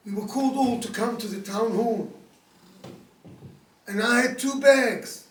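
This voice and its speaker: A man voicing a heartbroken older mother who confides a painful past to her grown children in a plain, halting way. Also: high-pitched. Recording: echoey room, speaker far from the mic.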